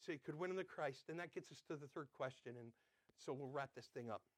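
High-voiced animated male preacher. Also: quick pace, dry recording. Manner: animated, acts out playground kids with shouted bits. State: out of breath. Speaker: pastor. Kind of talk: sermon.

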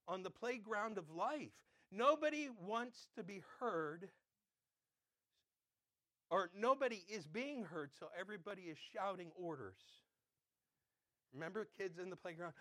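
A man preaching a sermon, animated and playful, acting out children shouting on a playground before reading scripture. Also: sits high, normal speed, dry recording. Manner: animated, acts out playground kids with shouted bits. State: out of breath. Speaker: pastor.

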